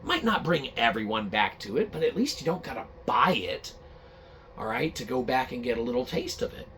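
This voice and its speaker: A man's voice: medium pitch, sing-song, normal speed, fairly bright tone, a little hiss or hum. A man hosting a comedic gaming news show, rambling and cursing freely as he jokes. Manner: profane, rambling, joking. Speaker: podcast host.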